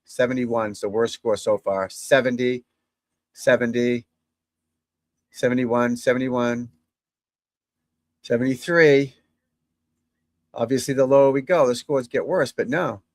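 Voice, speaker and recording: A man's voice: medium pitch, steady tone, a little slow, pauses often. A chatty male golf instructor rambling through a casual home broadcast in an ordinary mid-range voice. He keeps talking straight to his viewers, and the sound is dry and close, with no room echo. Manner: rambling, chatty, breaks off to talk to his dog. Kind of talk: casual live chat to viewers.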